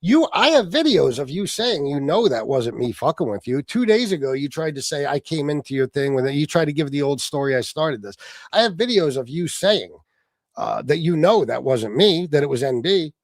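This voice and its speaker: A man hosts a livestream and argues with heated, profane mockery. His voice sits a bit high and leaps around a lot. The sound is dry and close. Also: big pitch swings, moderate pace, no echo. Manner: profane, mocking, shouting at times. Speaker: livestream host.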